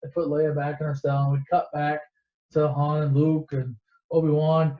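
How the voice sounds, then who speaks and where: A man's voice: on the high side, little pitch movement, moderate pace. A man casually retelling a movie in a rambling, profane and sarcastic way. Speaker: storyteller. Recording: echoey dull lo-fi recording.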